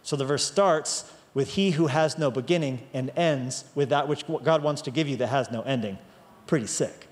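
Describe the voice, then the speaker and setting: A man's voice: on the high side, big-room sound. A man preaching a sermon as pastor, emphatic, stretching out key phrases for weight.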